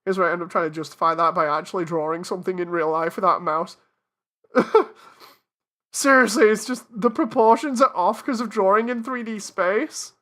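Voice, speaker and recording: Bright-voiced woman chatting through a stream. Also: mid-range voice, quick pace, few pauses. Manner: self-deprecating, talks herself through a task, laughs at her mistakes. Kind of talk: casual live-stream commentary.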